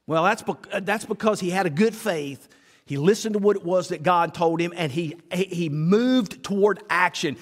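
A man's voice: high-pitched, moderate pace. A male preacher, giving a folksy sermon and acting out conversations with God. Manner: folksy, acts out dialogue with God in lively voices. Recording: reverberant hall.

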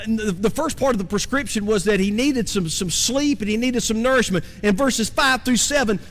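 Animated high-voiced male preacher in a reverberant hall. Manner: conversational preaching, asks the congregation questions. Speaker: pastor. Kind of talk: sermon. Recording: long reverb from a large hall.

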